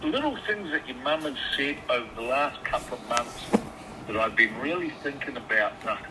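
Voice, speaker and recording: A man's voice: medium pitch, animated, moderate pace. Agitated swearing man on a phone. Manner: swears often, stammers and restarts. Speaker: caller. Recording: phone line with background noise.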